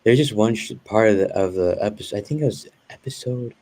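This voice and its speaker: A man's voice: fairly low pitch, fairly quick, dark tone. A man talking casually as a guest, rambling with lots of fillers and restarts. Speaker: guest reviewing a show. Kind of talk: casual conversation.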